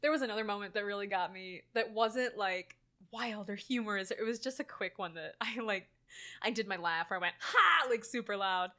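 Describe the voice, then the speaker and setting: A woman co-hosting a casual movie podcast, retelling scenes with lively acted-out quotes and bursts of laughter. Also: medium pitch, brisk. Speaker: podcast co-host.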